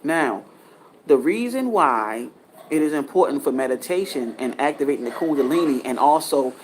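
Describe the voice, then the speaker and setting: A man's voice: on the high side, lively intonation, normal speed, slight background noise. Rambling man giving a spiritual talk. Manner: rambling, repetitive, restarts sentences; earnest, lecturing. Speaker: spiritual teacher.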